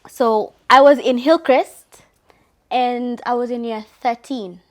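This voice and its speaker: A young woman hosting a casual conversation, telling a story from her own life in a lively, animated way. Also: on the high side, slow. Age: young adult. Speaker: host.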